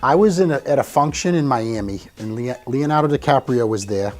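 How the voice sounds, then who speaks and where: A man's voice: mid-range voice, expressive, fairly quick, a little mellow, faint music behind. A man co-hosting a casual chat show, eagerly asking a guest questions. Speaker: co-host.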